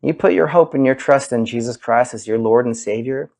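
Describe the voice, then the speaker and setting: A male pastor preaching a sermon, slow and emphatic, rising high when quoting scripture and dropping low and soft for emphasis. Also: creaky.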